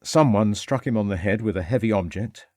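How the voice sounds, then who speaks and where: A man's voice: lowish voice, dark tone, dry recording, clean studio sound, natural voice. A man voicing a determined male police inspector who speaks firmly and assertively. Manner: firm, assertive, measured.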